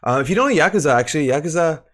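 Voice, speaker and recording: A man's voice: medium pitch, animated, brisk, fairly bright tone. A man hosting a live stream, chatting about a card game and greeting viewers by name, slightly out of breath. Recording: faint music behind.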